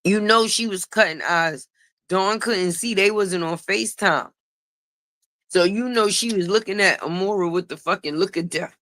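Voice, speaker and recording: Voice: mid-range voice, moderate pace, pushed and bright, no room sound, clean studio sound. A channel host giving a blunt, profane gossip commentary, repeating points for emphasis and laughing mockingly.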